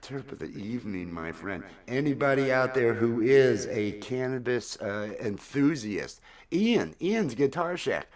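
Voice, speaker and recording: A man hosting a live stream, chatting loosely with viewers and greeting them by name while high. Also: big pitch swings, a little slow. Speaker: livestream host and musician. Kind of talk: casual chat to a live stream audience. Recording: echoey room with loud music behind. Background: loud music.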